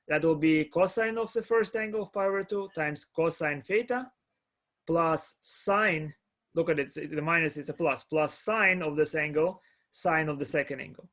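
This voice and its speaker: A man giving a live calculus lecture to a class, pausing often, repeating words and checking that students follow. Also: a little high, a bit bright. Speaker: math lecturer.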